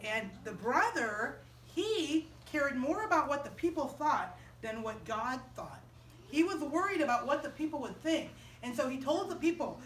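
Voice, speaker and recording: Animated woman teaching children, high voice. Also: normal speed, distant mic, slight background noise. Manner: animated, asks the children questions. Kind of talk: Bible story for children. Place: chapel. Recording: roomy chapel, voice off-mic.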